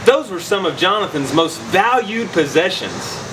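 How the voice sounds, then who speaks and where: Man, kids' Bible lesson host, bright and animated, fairly high voice, noisy background. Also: moderate pace. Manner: upbeat, enthusiastic, leads call-and-response.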